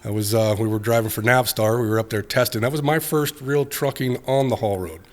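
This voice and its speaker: A man's voice: medium pitch, fairly quick. A man from Alaska, a truck driver, telling stories in a casual, self-deprecating way and repeating phrases as he goes. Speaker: guest, haul road truck driver. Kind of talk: casual interview storytelling.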